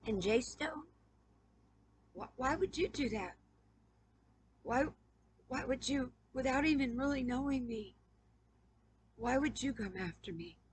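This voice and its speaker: A woman's voice: high-pitched, lively intonation, a little slow, long pauses, slight background noise, low-quality recording. A woman YouTuber in an emotional personal appeal to camera, pleading and stammering with repeated questions, on the verge of tears. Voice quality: raspy, gravelly.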